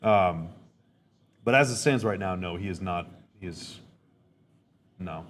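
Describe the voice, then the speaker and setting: A man's voice: low-pitched, unhurried. A man hosting a podcast, giving casual live reactions to a game, rambling, repeating himself and stating blunt opinions. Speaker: podcast host.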